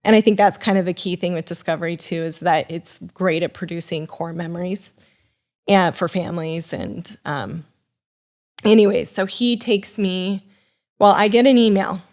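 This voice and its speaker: A young woman tells a personal story as a podcast guest, talking in a loose, animated way. She circles back and restarts her sentences often, and she slips into quick voices for the people she quotes. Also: on the low side. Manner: animated, rambling with many restarts and fillers. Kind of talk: casual storytelling.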